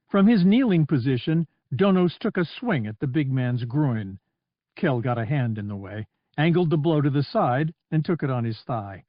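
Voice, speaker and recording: A man narrating an unabridged audiobook in an expressive storytelling voice. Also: medium pitch, dry recording, muffled recording. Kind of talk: scripted narration.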